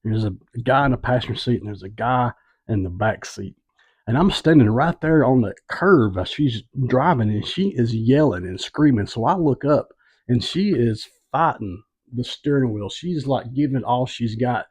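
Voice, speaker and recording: A man's voice: mid-range voice, lively intonation, normal speed, a little mellow, breathy edge, no echo. A man who does street evangelism tells a personal testimony story in a loose, conversational way, often checking in with listeners. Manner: conversational, asks listeners "right?".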